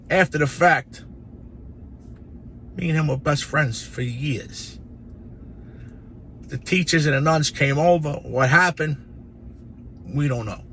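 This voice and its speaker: A man in his sixties casually telling childhood stories to camera in an animated, profane, rambling way. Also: medium pitch, slight background noise. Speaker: storyteller.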